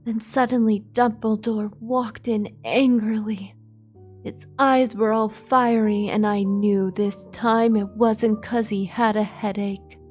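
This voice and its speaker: A young woman reading a fan fiction aloud in a deadpan comic manner, with sarcastic asides. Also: mid-range voice, slow, soft background music. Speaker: virtual streamer reading aloud.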